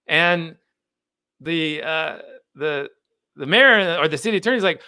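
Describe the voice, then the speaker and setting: A man's voice: on the high side, expressive, unhurried, long pauses, sharp tone, smooth, no room sound, studio quality. Fired-up, emphatic American man. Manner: fired up, emphatic, laughs at himself. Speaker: host. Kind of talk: animated livestream commentary.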